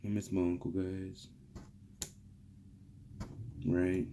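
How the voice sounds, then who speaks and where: Low-voiced chatty young man. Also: flat delivery, slow, long pauses, dark tone. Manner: chatty, rambling, addresses viewers as guys. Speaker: car vlogger. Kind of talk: casual garage vlog. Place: home garage workshop.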